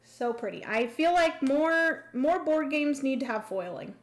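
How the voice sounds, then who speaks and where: Streamer host: chatty woman at home, somewhat high voice, unhurried delivery, easygoing commentary. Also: lively intonation. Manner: chatty, fills with hums and ums. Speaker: board game streamer. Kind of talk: casual livestream commentary.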